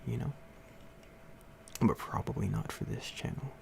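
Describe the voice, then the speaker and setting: A man's voice: measured pace, slight background noise. A young man hosting a livestream, casually telling a story to his chat with lots of fillers and frequent laughs. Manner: rambling, laughs often, many fillers. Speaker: livestream host.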